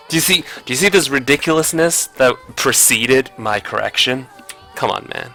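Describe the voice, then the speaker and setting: A man's voice: medium pitch, expressive, brisk, sharp tone, soft background music. A man chatting casually on a livestream while he critiques and redraws art, joking with mock outrage and mocking himself. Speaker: art streamer giving drawing critiques.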